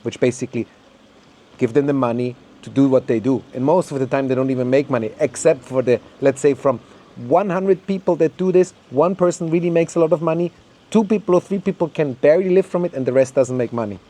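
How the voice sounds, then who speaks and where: Man ranting on a podcast, mellow warm voice, stumbling repeats. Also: medium pitch, a little fast. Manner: heated, ranting, swears, repeats words, mocks others in quoted voices. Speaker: podcast host. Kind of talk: opinionated monologue.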